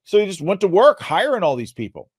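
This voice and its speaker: A male show host giving an emphatic, earnest political commentary monologue, his voice going hoarse. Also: high-pitched, very animated, a little fast, no room sound, studio quality. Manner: emphatic, earnest, rising to loud peaks. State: losing his voice.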